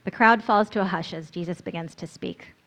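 A woman's voice: lowish voice, fairly quick, a bit bright. A woman narrating a guided scripture meditation in the second person, in an earnest, storytelling manner.

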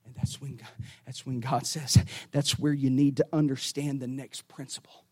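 A man preaching a sermon in a conversational way, building to shouted emphasis and dropping to near whispers, with casual asides and repeated words. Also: medium pitch, flat delivery, moderate pace, no echo.

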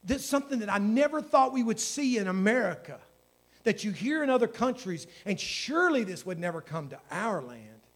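High-voiced pastor preaching. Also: male voice, very animated, fairly quick. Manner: folksy storytelling, rising to fervent preaching. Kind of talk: sermon.

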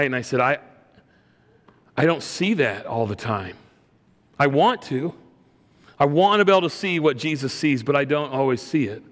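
A middle-aged man preaching a sermon and telling a personal story in an earnest way, often repeating words as he starts a phrase. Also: mid-range voice. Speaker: pastor. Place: church sanctuary. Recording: long hall reverb.

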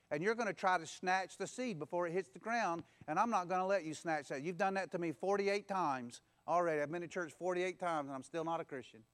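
High-voiced man preaching a sermon. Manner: exhorting, repeats phrases and leads call-and-response. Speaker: pastor. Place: church.

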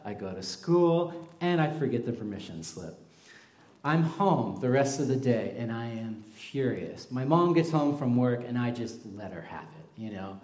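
A young male pastor gives a casual, animated sermon, slipping into little acted-out voices when he tells a story. His mid-pitched voice rings out in a roomy hall with a clear echo.

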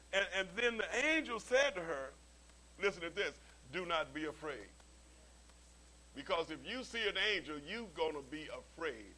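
A man's voice: high-pitched, normal speed, poor audio. A man preaching a sermon as pastor, telling stories with humorous asides and often repeating his words as he starts a sentence. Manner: animated storytelling with humorous asides.

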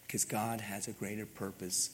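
A man preaching a sermon to his congregation, often dropping to a hushed, intimate tone. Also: lowish voice, level tone, moderate pace, long reverb tail, a little hiss or hum. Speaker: pastor. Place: church sanctuary.

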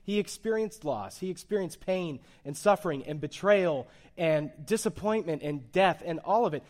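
A man, a pastor, giving a sermon in a relaxed, conversational way, dropping to a hush and then rising to emphatic points. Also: a little high, moderate pace. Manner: conversational preaching, swings between soft and emphatic.

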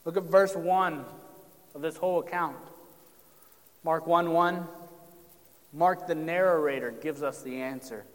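A man's voice: on the high side, unhurried, pauses often, long reverb tail. A pastor preaching a sermon, addressing his congregation directly and building emphasis as he reads from Scripture.

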